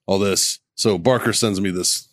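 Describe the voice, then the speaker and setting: A man's voice: low-pitched, fairly even intonation, moderate pace, no echo, clean studio sound. A man co-hosting a podcast, telling profane stories in casual chat and acting out both sides of phone calls. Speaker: podcast co-host.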